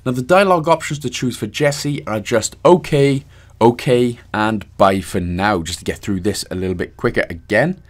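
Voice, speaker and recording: A man's voice: medium pitch, moderate pace. A Welsh man narrating a casual game walkthrough voice-over, giving steps with jokey, self-mocking asides. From Wales.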